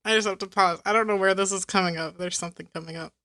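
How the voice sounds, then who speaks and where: A woman's voice: mid-range voice, fairly even intonation, quick pace, sharp tone, no echo, studio quality. A young woman co-hosting a podcast, talking casually and earnestly about a book, filling her speech with "like" as she goes. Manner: chatty, lots of "like" fillers, earnest. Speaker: podcast co-host.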